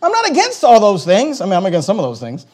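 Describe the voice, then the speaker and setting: A middle-aged man preaching a sermon as pastor, stressing phrases and repeating them, dropping soft then rising loud. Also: high-pitched, huge pitch swings, fast talker, breathy edge. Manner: emphatic, repeats key phrases, swings between loud and soft.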